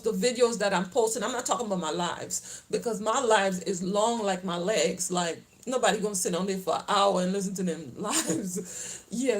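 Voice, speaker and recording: This is a fairly high-pitched woman on a low-quality recording: a middle-aged vlogger from the Caribbean islands with a Caribbean and Southern US accent. She talks to her viewers in a casual, wandering way outdoors, then heads home, laughing often throughout.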